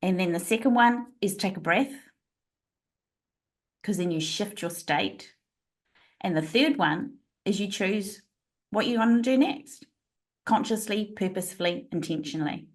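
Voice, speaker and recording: A woman guest on a podcast interview speaks over a remote call at a middle pitch. She tells her stories expressively and laughs often as she explains. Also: unhurried, pauses often. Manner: expressive storytelling with frequent laughs. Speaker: guest, leadership trainer.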